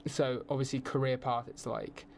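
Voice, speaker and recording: A man's voice: medium pitch, steady tone, normal speed, gravelly, a little mellow. Chatty young British man, faint hiss. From United Kingdom. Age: young adult. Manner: chatty, laughs often, restarts sentences. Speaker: film production student, guest. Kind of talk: casual podcast chat.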